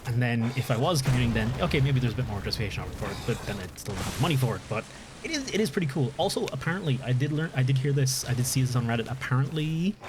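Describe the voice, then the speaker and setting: A man's voice: mid-range voice, lively intonation, very fast, over music. A man with an Irish accent chatting casually on a live stream while gaming, rambling and often restarting his sentences. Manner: rambling, restarts and corrects himself.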